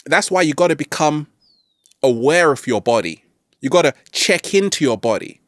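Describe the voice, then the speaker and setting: A man hosting a self-help video, giving an animated, playful motivational talk to camera. He keeps asking "right?" and throws in jokey catchphrase asides. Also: on the high side, normal speed, dry recording, clean studio sound.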